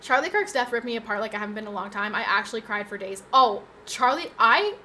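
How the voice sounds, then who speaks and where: A woman's voice: a little high, lively intonation, quick pace, pushed and bright, a little hiss or hum. A young adult woman streaming from home, chatting casually with her viewers, full of fillers and restarts. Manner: chatty, talks straight to chat with fillers and restarts. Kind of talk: casual live-stream chat.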